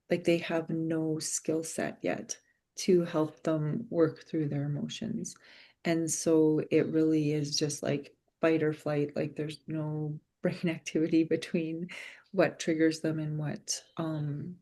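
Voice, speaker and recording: A woman teacher with a low, gravelly, husky voice chats casually. She talks in a loose, rambling way full of fillers and quick laughs. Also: mellow. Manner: chatty, many fillers and laughs. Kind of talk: casual discussion.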